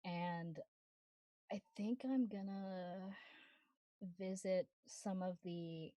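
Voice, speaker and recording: A woman speaking as a player in a tabletop game, in hesitant, halting phrasing. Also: medium pitch, warm tone, no echo. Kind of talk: tabletop game role-play.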